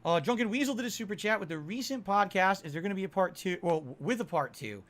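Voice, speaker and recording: Man, livestream host, high pitch, defensive, keeps asking "right?". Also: lively intonation, fast talker, fairly bright tone. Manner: defensive, talks to chat with frequent "right?". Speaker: streamer answering chat. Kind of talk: casual livestream chat.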